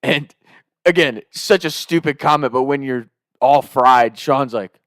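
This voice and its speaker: A man's voice: medium pitch, unhurried, dry recording, studio quality. Profane young man telling stories. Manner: animated, profane, laughing often. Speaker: storyteller. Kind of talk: casual storytelling.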